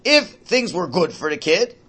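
Animated older man teaching, husky voice. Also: high voice, normal speed. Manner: animated, keeps checking in with listeners. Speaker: religious teacher. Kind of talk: lecture to a class.

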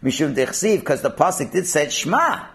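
A man's voice: fairly high pitch, sing-song, moderate pace, creaky, fairly bright tone. A man explaining a Talmud passage, asking and answering his own questions and mixing in Hebrew and Aramaic terms. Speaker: Talmud teacher.

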